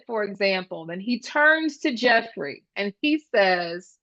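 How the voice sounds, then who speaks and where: A woman gives a talk at a professional event and tells classroom stories, acting out the children's voices with animation. Her voice sits at a middle pitch. The recording sounds dull and dry, with no room echo. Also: animated, slow, few pauses, bright, forceful tone. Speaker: guest speaker, speech-language pathologist. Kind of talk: conference talk.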